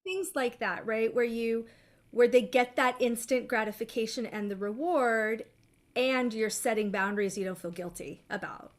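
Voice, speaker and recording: A middle-aged woman therapist explaining steps in a measured way, often checking in with "right?". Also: on the high side. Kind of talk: therapy session talk.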